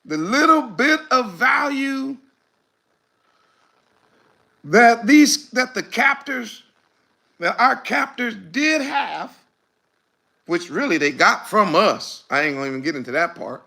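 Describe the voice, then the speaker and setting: A man preaching a fiery sermon, emphatic and repetitive, swinging between quiet remarks and shouted lines in loose, casual grammar. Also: very high voice, lively intonation, slow pace, gravelly, pauses often.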